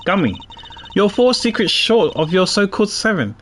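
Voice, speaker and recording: A man's voice: high-pitched, big pitch swings, moderate pace, a bit bright, slight background noise, voice pushed up. A man voicing a haughty, exacting male prosecutor who speaks in a dry, mocking way.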